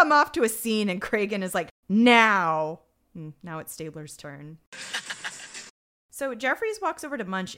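A young woman co-hosting a podcast, wryly recapping a TV episode in casual chat and mimicking the characters. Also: medium pitch. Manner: wry, expressive, mimics yelling characters. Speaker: podcast co-host.

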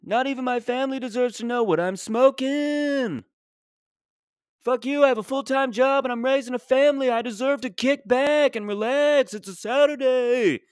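A man voicing a furious middle-aged father who shouts and threatens over his cigar. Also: very high voice, moderate pace, clear, resonant tone, no room sound, clean studio sound, voice pushed up. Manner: shouting, belligerent.

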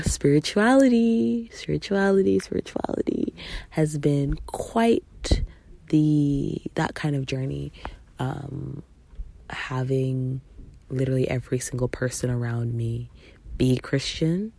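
A young woman with a low, gravelly voice talks candidly on her solo podcast. She swears freely and acts out the people she quotes with sudden leaps in pitch. Her voice sounds dry and close to the mic. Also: warm tone, no room sound. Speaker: podcast host. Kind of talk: casual solo podcast talk.

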